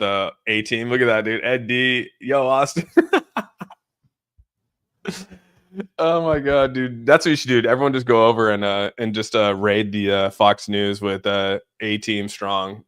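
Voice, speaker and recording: Young guy hosting a crypto livestream, kinda low voice, keeps cracking up and saying dude. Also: fairly bright tone, clear, resonant tone. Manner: laughs often, says "dude" a lot, giddy and amused. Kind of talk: live-stream chat reaction.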